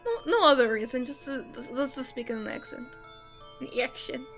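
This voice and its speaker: Brief: excitable female game streamer, gushing chatter, somewhat high with gravelly fry. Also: normal speed, faint music behind. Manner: excitable, gushing, laughing asides. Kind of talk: live game commentary.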